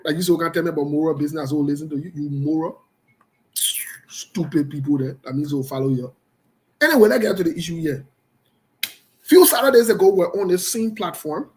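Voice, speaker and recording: A man's voice: fairly high pitch, quick pace, a little mellow. A man, hosting live online political commentary in a combative, scolding and emphatic way, speaking straight to his viewers.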